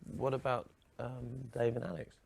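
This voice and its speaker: A man playing a deadpan, patient TV interviewer in a comedy sketch. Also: medium pitch, a little slow, gravelly, slightly rough, full character voice.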